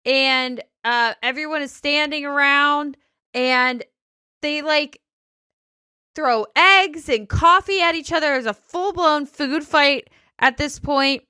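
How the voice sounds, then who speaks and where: Female podcast co-host, opinionated and wry, bright tone, dry close mic. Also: sits high, slow, no echo. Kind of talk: casual reality TV recap chat.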